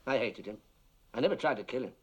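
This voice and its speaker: An actor playing a bitter, resentful widower being questioned, grim and brooding, in a film drama. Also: male voice, mid-range voice, quick pace, a bit bright, lightly acted.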